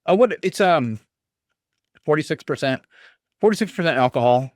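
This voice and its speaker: Animated rambling man tasting whiskey. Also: on the high side, normal speed, no echo, studio quality. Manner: rambling, animated, with chuckles and fillers. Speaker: podcast host. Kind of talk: casual whiskey tasting talk.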